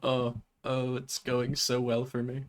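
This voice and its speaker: A man streaming a video game, chatting casually in a rambling, joking way, stumbling over his words and breaking into loud excited bursts. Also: medium pitch, measured pace.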